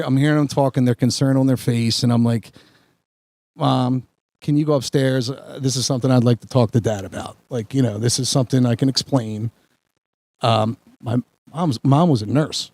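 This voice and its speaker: A man's voice: mid-range voice, a little mellow, no room sound. Rambling man telling stories. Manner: rambling, self-mocking anecdote with filler words. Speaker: podcast host. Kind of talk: casual storytelling chat.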